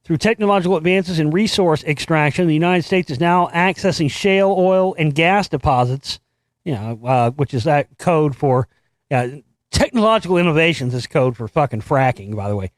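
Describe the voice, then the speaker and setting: A man hosting his own commentary show, his voice sitting notably high for a man. He reads an article aloud and breaks off into profane, sarcastic jabs at it. The sound is dry and close, with no room echo at all. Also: lively intonation, normal speed. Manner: sarcastic, swears freely, mocks what he reads. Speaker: host.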